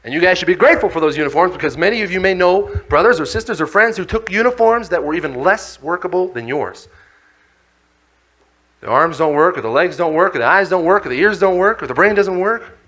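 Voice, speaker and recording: Animated man telling a dramatic story. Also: high voice, fairly quick. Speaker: speaker. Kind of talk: animated religious storytelling talk.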